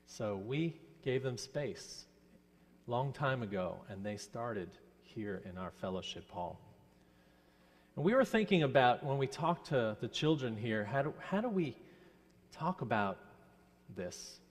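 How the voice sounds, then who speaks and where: A man from New Jersey leads a children's story in a worship service. He has a mid-pitched voice and asks the children simple questions in a gentle, teacherly tone. His voice carries a long, echoing church reverb. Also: very animated, measured pace. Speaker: minister. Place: church sanctuary.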